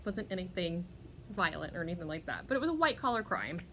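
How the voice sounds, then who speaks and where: A woman's voice: on the low side, very animated, fast, pushed and bright, a little hiss or hum. A woman telling a casual personal story as a podcast host, chatty, laughing often, with lots of fillers and restarts.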